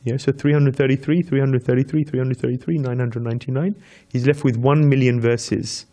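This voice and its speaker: A man teaching a devotional scripture class in a medium-pitched voice. He tells his story in steady repeated steps and breaks into chanted Sanskrit verses. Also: fairly quick. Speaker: speaker giving a scripture class. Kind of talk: devotional lecture.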